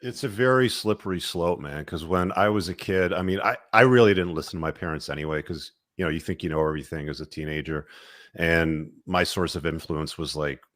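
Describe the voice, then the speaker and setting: Low-voiced podcast host guy, laid back, dry close sound. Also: a little fast, no echo. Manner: relaxed, uses fillers like "man" and "you know". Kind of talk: casual podcast interview.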